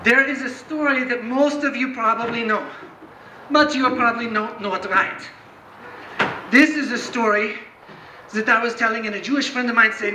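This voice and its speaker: A man telling a comic story live while juggling, animated and chatty with the audience. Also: very high-pitched, moderate pace, a little hiss or hum. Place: live performance room. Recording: echoey room.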